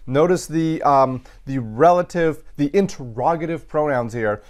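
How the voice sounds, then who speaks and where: A man teaching Latin, working slowly through sentences and parsing each word aloud, with frequent pauses and fillers. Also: fairly high pitch, a little mellow. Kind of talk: recorded grammar lesson.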